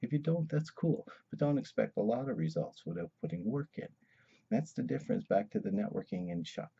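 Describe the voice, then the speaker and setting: Low gravelly man, dull recording. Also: sing-song, a little fast, mellow. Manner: conversational, asks many questions. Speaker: sales trainer. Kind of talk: casual training talk.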